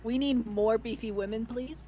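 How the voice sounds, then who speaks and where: A woman's voice: a little high, fairly even intonation, moderate pace, mellow, highs cut off, a little hiss or hum. A woman with a slightly raised voice jokes around on a casual stream, egging the others on. Faint room ambience stays in the background. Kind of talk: casual chat with friends on stream.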